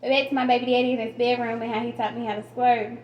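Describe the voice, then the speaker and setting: Frank, foul-mouthed woman vlogger with a higher voice, telling a story in an echoey room. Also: little pitch movement, quick pace, lo-fi sound, slight background noise. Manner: frank and profane, laughs often. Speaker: music artist telling a personal story. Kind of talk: casual storytelling to camera. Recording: roomy echo.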